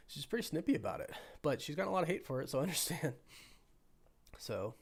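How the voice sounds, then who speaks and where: Hoarse sick man chatting live. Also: fairly high pitch, very animated, fast talker. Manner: rambling, thinking aloud with many restarts. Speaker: livestream host. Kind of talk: casual live chat with viewers.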